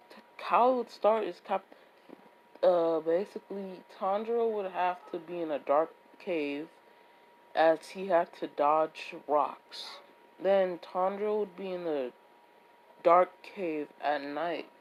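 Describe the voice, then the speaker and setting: A woman's voice: lowish voice, slight background noise, rough recording. A woman improvising a fan story in a rambling way, with frequent restarts and repeated "would be like" tags.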